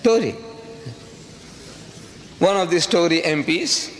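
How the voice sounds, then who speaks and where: A man's voice: on the high side, lively intonation, normal speed, a bit bright. A man from South Africa giving a public lecture, talking emphatically with repeated rhetorical questions. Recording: reverberant hall with faint ambient noise.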